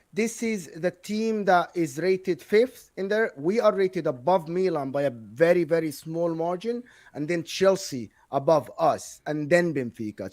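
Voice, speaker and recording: A man on a football panel, arguing his club's case in a combative, indignant way. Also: fairly high pitch. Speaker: panelist, Inter fan. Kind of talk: heated football panel debate.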